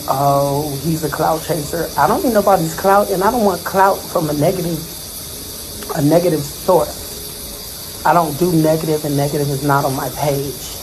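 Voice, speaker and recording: A man's voice: on the high side, normal speed. A man speaking on a livestream from a dentist's office, emotional, earnest and defensive, rambling and repeating himself. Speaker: social media personality speaking on a livestream. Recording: noisy phone livestream audio.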